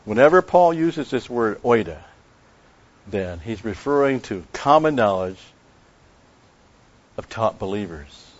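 A man teaching the Bible in an expository sermon, emphatic, repeating key phrases and slowing down on Greek words. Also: fairly low pitch, big pitch swings. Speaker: preacher. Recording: dull lo-fi recording.

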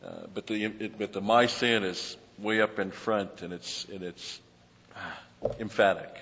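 A middle-aged pastor with a low, deep voice preaches in an earnest, emphatic way and often stumbles into repeated words. The sound is dull and lo-fi, with a long reverb trailing behind him as if in a large church hall. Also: male voice, fairly bright tone. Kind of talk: sermon.

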